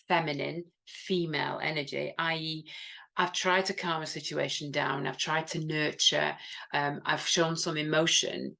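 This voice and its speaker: A woman's voice: deep voice, vocal fry, bright, forceful tone. A woman co-hosting a conversational podcast, reflective and affirming, often acting out quoted thoughts. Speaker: podcast co-host. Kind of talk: conversational discussion.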